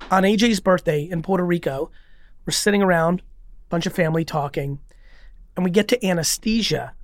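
A man as a podcast guest, telling a personal story in a casual, rambling, animated way with free swearing. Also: high-pitched, dry recording, clean studio sound.

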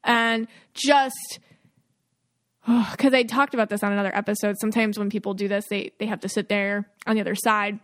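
A woman's voice: medium pitch, steady tone, moderate pace, a bit bright. A woman co-hosting a podcast, talking in a musing, emotional way about her intuitive impressions. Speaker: podcast co-host. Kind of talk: casual podcast chat.

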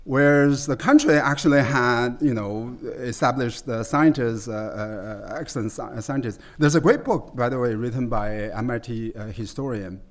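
In a conversational interview, a man appears as a guest expert and explains things at length. He halts often, full of fillers and restarts, and his pitch is medium.

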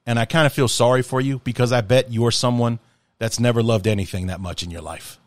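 A man's voice: mid-range voice, steady tone, fairly quick, no room sound. A man hosting a casual solo podcast, talking in an impassioned, rambling and profane way. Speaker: podcast host.

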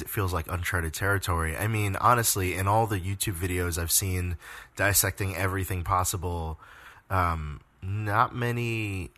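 A man co-hosting a casual podcast, playful and teasing, thinking aloud with pauses. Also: low-pitched, bright, forceful tone. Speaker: podcast co-host.

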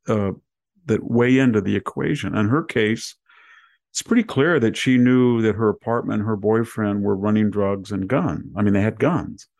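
Low gravelly man telling anecdotes. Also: darkish tone, no room sound, studio quality. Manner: rambling personal anecdotes, conversational. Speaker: podcast host. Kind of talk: casual news roundup chat.

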